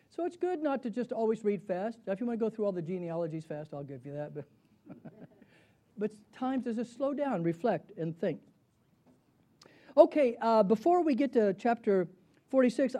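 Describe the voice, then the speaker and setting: Teaching the Bible in a conversational style, this middle-aged man keeps asking his class questions he goes on to answer himself. The voice is high-pitched with a warm tone.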